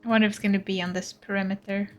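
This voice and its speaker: A woman's voice: mid-range voice, flat delivery, rapid-fire, darkish tone. A young woman from Sweden, a streamer chatting casually and giggling as she plays a game. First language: Swedish. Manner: chatty and giggly, reads game text aloud. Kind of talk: casual gameplay chat.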